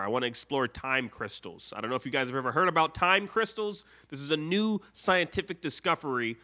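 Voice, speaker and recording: A man's voice: mid-range voice, pushed and bright. A man hosting a casual live stream, chatty and rambling, full of fillers. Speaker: YouTube host.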